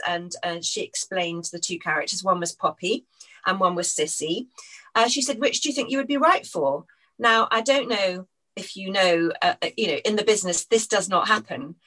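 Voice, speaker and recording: An actress telling a story from her career, animated, acting out the people she quotes and laughing often. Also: medium pitch, low-quality recording. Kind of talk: anecdotal interview storytelling.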